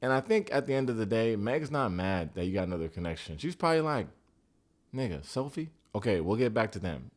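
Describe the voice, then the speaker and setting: A man with an American accent talks through reality TV episodes in a loose, casual way. His voice sits on the low side. He is quick with sarcastic jokes and swears without holding back. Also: sing-song. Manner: joking, sarcastic, blunt, swears freely. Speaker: TV recap reviewer. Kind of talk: casual recap commentary.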